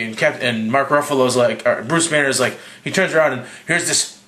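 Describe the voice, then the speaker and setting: Tipsy profane young guy recapping a movie. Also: fast. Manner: profane, excitable, acts out quotes in a higher voice. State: slightly drunk. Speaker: movie reviewer. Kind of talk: casual rambling movie recap.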